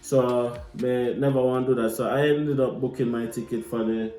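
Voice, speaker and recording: A young man with a Jamaican accent tells a story in a relaxed, animated way and drops into patois now and then. His voice is mellow and dark, with medium pitch. He sounds like he is in a roomy, echoey space, with faint music behind him. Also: normal speed. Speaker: vlogger. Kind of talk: casual storytelling. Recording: echoey room with light music.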